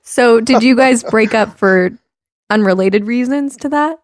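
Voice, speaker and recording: A woman hosts a podcast interview with brief, amused reactions. She speaks slowly in a middle-pitched voice, and the recording is dry. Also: no echo. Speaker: podcast host. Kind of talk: casual interview.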